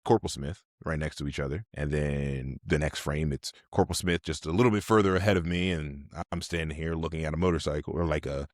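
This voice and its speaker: Deep-voiced man telling stories animatedly. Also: fast, hardly any pauses, no room sound, clean studio sound. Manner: animated, acts out voices, laughs often. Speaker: podcast guest, army officer. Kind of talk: casual storytelling.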